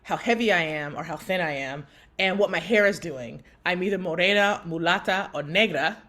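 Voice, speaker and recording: A woman in her thirties co-hosting a podcast, telling a story in lively conversation and acting out the voices of people she quotes. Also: moderate pace. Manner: animated, acts out quotes with big pitch jumps. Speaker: podcast co-host.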